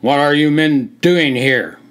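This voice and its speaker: A man voicing a stern male army duty officer who barks loud, commanding orders. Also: on the high side, slow pace, pitched above the performer's own voice.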